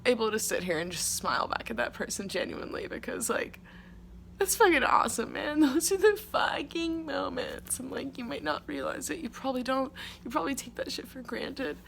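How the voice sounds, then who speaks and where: Rambling, swearing young woman with a gravelly edge. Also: high voice, huge pitch swings, fairly quick, a bit bright, slight background noise. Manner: rambling, profane, emotional, with frequent "like". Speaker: podcast host. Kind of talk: casual confessional monologue. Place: outdoors at her home by a street.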